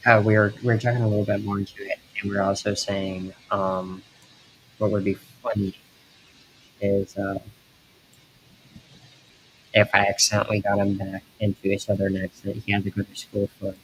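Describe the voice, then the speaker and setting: A man streaming while he draws, chatting casually in a halting, rambling way full of fillers. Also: on the low side, completely flat delivery, slight background noise, low-quality recording. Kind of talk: casual live-stream chat while drawing.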